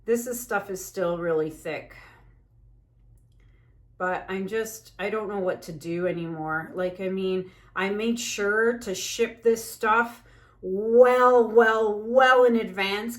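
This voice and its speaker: A woman chatting casually while she paints, venting anxiously in a rambling way with many fillers. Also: medium pitch. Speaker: fluid art painter and channel host.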